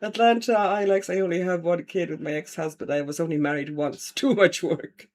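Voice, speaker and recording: A woman's voice: lowish voice, fairly even intonation, a little fast, darkish tone. A woman from Estonia, chatting casually at home on a livestream while colouring and answering viewer comments. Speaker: livestream host, colouring artist.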